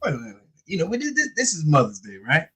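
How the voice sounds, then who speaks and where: Man, 40s, high voice, chatty storyteller who acts out dialogue. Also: fast, husky. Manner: animated storyteller, acts out quotes, many fillers. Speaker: podcast co-host. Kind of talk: casual storytelling chat.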